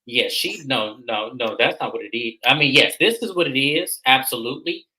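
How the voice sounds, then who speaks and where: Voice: medium pitch, moderate pace, pushed and bright, rough recording. A host recapping a reality show episode in casual, opinionated commentary, repeating points for emphasis.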